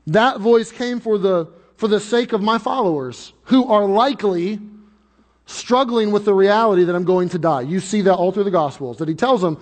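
Guy preaching in church, high voice, asks lots of questions, restarts a lot, echoey hall. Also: moderate pace. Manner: earnest, conversational preaching with repeated restarts and rhetorical questions. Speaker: pastor. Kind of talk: sermon.

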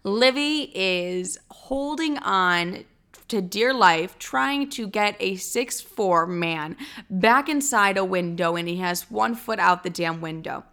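A young woman hosting a podcast who tells a story in a casual, animated way, swearing freely. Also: takes it slowly, clear, resonant tone. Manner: animated, crude, swears freely, acts out quotes in a high voice.

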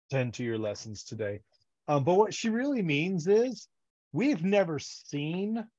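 A man's voice: on the high side, darkish tone, highs cut off. A man co-hosting a podcast, chatting casually about a book series and acting out characters' lines in funny voices. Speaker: podcast co-host.

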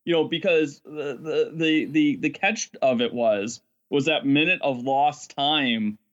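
A man telling stories as a game master in a casual podcast chat, rambling and animated, often laughing. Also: on the high side, a little slow, muffled recording.

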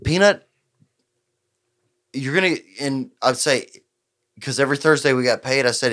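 A man spins a profane, animated story on a podcast. He talks at an ordinary pitch and voices the people in his tale as he goes. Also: moderate pace, pauses often. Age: 20s. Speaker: podcast host. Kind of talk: casual storytelling chat.

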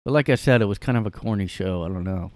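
Young guy ranting alone in his room, low smooth voice, dry sound. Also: fast, darkish tone, dry recording. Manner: rambling, filler-heavy, sarcastic. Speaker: podcast host. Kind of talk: casual solo rant.

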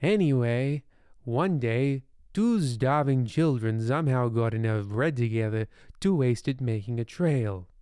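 A man narrating a comic bedtime story in a deadpan, rambling way with ominous asides. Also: medium pitch, unhurried, smooth, no room sound, studio quality.

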